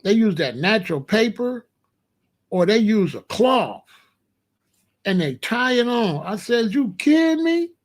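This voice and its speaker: A man talking casually to his viewers in a slangy, emphatic way, his voice sitting a bit higher than most. He keeps stressing his points and often breaks into animated disbelief. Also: measured pace, long pauses. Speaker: vlogger. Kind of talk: casual monologue to camera.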